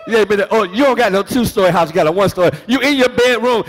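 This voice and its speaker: A man pastor preaching a sermon, folksy and joking, moving from quiet words to shouting. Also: high-pitched, fast, hardly any pauses, long reverb tail. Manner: animated preaching, swings from hushed to shouting.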